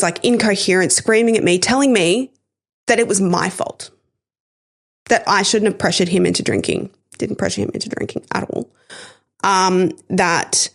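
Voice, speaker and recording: A woman's voice: fairly low pitch, gravelly. A woman, hosting a podcast and candidly telling a painful personal story, emotional and swearing at times. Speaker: podcast host sharing her story.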